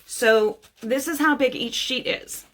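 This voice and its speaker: A woman's voice: sits high, slow pace, a bit bright. Chatty blunt woman nail tech. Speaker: nail technician. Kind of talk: casual product haul talk.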